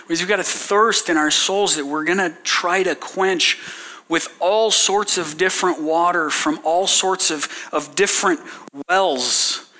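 A man's voice: a little high, pushed and bright. A male pastor preaching a sermon, retelling scripture in casual modern paraphrase.

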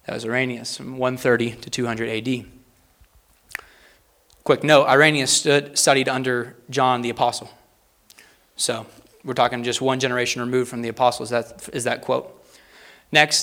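A man preaching a sermon, reading quotes aloud with rising emphasis and pausing to talk plainly to the congregation. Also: mid-range voice, steady tone, fairly bright tone. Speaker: pastor.

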